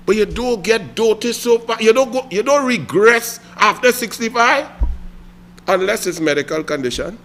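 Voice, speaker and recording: A man's voice: high voice, lively intonation, moderate pace, a bit bright. A man with a Trinidadian accent giving mocking political commentary, taunting and theatrical. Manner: taunting, theatrical, repeatedly needling.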